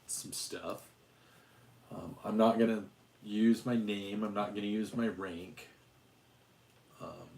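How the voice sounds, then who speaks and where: A low-voiced man in his forties from Utah talks through a casual livestream chat. His speech wanders, halting on fillers and restarts. The sound carries a roomy echo with faint ambience behind it. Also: a little hiss or hum. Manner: rambling, hesitant, many fillers and restarts. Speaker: channel host.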